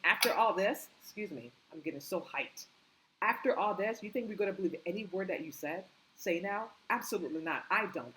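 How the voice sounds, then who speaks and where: A woman delivering an impassioned opinion monologue, indignant and repetitive, firing rhetorical questions and climbing in pitch when angry. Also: slight background noise, rough recording. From United States. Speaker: political commentary vlogger.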